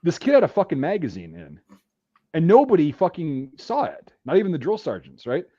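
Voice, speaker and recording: A man telling profane army stories in casual chat, acting out the yelling. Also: fairly high pitch, fairly quick, muffled recording. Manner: profane, animated storytelling, acts out yelling. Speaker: podcast host, veteran telling army stories.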